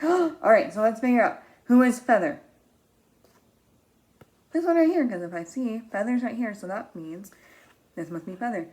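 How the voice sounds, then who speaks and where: A woman teaching young children, reading a picture book aloud in an animated, expressive way, gasping and asking them questions. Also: a little high. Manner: animated and expressive, with frequent gasps and drawn-out words.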